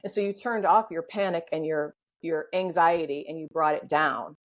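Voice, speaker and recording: A woman guest on a podcast, calmly guiding a breathing exercise and explaining breathwork. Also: sits low, rough recording. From United States. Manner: calm, slow instructive guidance.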